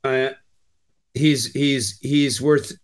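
A man's voice: medium pitch, fairly even intonation, extremely slow, loud music behind the voice. A Canadian man talking casually as a guest on a call, with many fillers and restarts. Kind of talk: casual chat.

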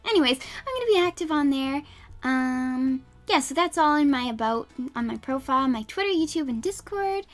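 A woman's voice: high-pitched, expressive, moderate pace, faint music behind. A young woman streamer chatting casually and rambling, with frequent giggles and fillers. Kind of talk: casual live-stream chat.

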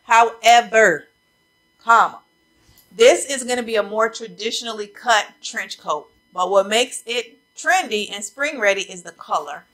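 Chatty and a touch out of breath, a woman tries on coats for her viewers, whom she calls y'all, in a laid-back haul video. She has a medium-pitched, somewhat bright voice with lively intonation, a moderate pace and few pauses. The fashion vlogger's camera mic faces a ring light, and the audio is poor.

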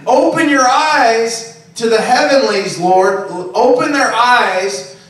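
Guy preaching, kinda high voice, keeps asking "right?", big boomy echo, sounds far off. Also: slow, fairly bright tone. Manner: conversational preaching with frequent "okay?" and "right?". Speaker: pastor. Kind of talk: sermon. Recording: very echoey, distant room recording.

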